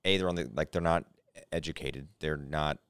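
A man's voice: a bass voice, moderate pace, clean tone, no room sound. Man, podcast co-host, rambling, resonant, dry sound. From St. Louis, Missouri, US. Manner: rambling, hesitant, animated storyteller. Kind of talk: casual chat.

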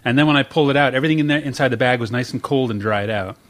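A man co-hosting a casual chat, telling stories in an animated, rambling way. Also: medium pitch, rapid-fire. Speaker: podcast co-host.

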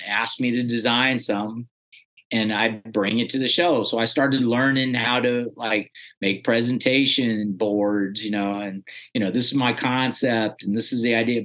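A man's voice: mid-range voice, a bit bright. A man being interviewed, chatting casually as he tells a story in a slangy, easygoing way. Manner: chatty, slangy, acts out quoted dialogue. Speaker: interview guest.

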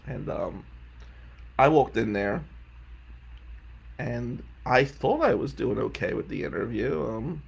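A man in his forties with a gravelly, husky voice tells comic stories in a loose, casual way. He pokes fun at himself and jumps into the voices of the people he describes. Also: mid-range voice, slow pace, pauses often. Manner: animated, self-mocking, acts out quotes. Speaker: lawyer.

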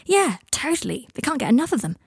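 A woman's voice: sits high, sing-song, fast, vocal fry, no echo, clean studio sound, pitched above the performer's own voice, exaggerated voice. A woman reading the part of a hesitant, awkward young man in an audiobook fan-fiction reading.

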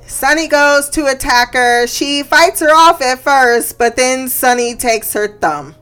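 Woman podcast host with a high voice, loose and profane, breaking into laughter, faint music underneath. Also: measured pace, fairly bright tone, smooth. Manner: laughs often, swears freely, goes off on tangents. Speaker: podcast host recapping a TV episode. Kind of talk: casual chat.

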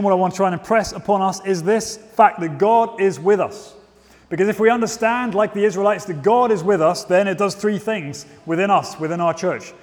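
A man with a slightly raised voice preaches at a church service, reading scripture and then teaching. He talks in an informal, self-deprecating way, full of asides and restarts. A long reverb hangs behind him, as in a church hall. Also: high-pitched.

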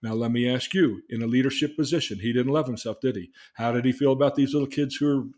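A man's voice: mid-range voice, quick pace, a little mellow. A middle-aged man sharing his own story as a religious lesson for his daughter, earnestly asking questions and acting out voices. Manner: earnest, asks questions and acts out quoted voices. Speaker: father teaching his daughter. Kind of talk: religious life lesson told as personal story.

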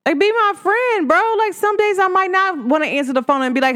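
A woman's voice: sits high, steady tone, a little fast, hardly any pauses, fairly bright tone. A woman talking casually to the camera, blunt and emphatic, often acting out the voices of people she quotes. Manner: blunt and outspoken. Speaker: vlogger.

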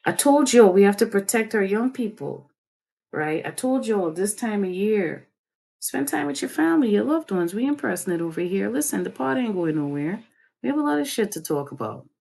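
A woman hosting a livestream, giving fiery, preachy commentary and swinging her pitch up and down as she speaks. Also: animated, fairly quick, vocal fry, warm tone. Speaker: host.

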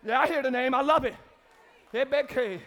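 A man preaching a live church sermon, shouting call-and-response lines to the congregation and laughing between exhortations. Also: very high-pitched, normal speed, a faint crowd. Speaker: pastor.

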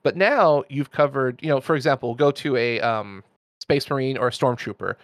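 A man's voice: medium pitch, moderate pace, dry recording, studio quality. A man in casual conversation, explaining things enthusiastically in long, flowing runs. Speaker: miniature painting expert host. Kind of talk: casual chat.

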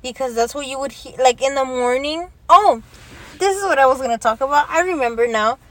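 A woman's voice: sits high, lively intonation, a little fast. A young woman in casual chat who swears freely, laughs often and drops Spanish words into her talk. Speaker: vlogger.

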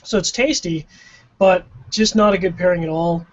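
This Canadian-accented co-host of a cigar pairing show has a high-pitched voice and a moderate pace. He keeps the tasting chat casual, thoughtful, and self-deprecating, captured in dull lo-fi audio.

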